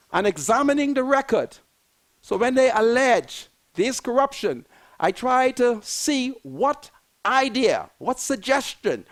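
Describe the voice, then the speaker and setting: Older Bahamian man, very high and swooping voice, fiery repetitive political commentator. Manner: emphatic, repetitive, preachy.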